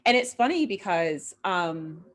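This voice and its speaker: A woman's voice: lowish voice, measured pace. A woman hosting a conversational podcast interview, telling stories animatedly and acting out the voices she quotes. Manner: animated storyteller who acts out quoted voices. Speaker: podcast host.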